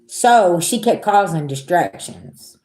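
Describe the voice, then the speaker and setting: A young woman, telling a story to her viewers in a blunt, animated, profane way. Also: lowish voice, takes it slowly. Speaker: spiritual reader vlogger. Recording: roomy echo.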